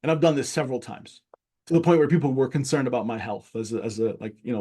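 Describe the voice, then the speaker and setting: A man speaking as a guest, telling a story from his childhood in an animated, casual way with many restarts. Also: mid-range voice, quick pace, husky. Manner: animated, many restarts, acts out quoted voices. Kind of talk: casual conversation, personal storytelling.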